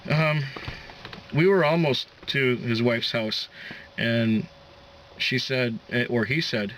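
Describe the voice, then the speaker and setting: A man's voice: medium pitch, fairly even intonation, slow, a bit bright, a little hiss or hum, rough recording. A man who drives a taxi, telling a story in a casual vlog, rambling with lots of fillers and restarts.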